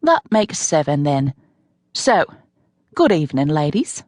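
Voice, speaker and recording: A woman's voice: sits low, very animated, unhurried, a little mellow, no room sound, studio quality, exaggerated voice. A woman voicing a cheerful, fearless female fitness guru with a lilting Irish accent. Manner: lilting, coaxing.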